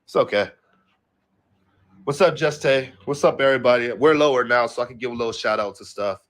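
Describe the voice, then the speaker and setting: Casual young male streamer, mid-pitched, profane and rambling, reads the news aloud and then comments on it. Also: a little fast, a bit bright. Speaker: livestream host.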